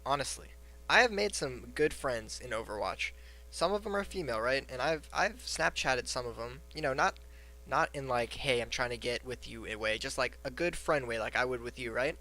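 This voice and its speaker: A man hosting a casual podcast, telling a story in an animated way and swearing casually. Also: mid-range voice, moderate pace. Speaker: podcast host.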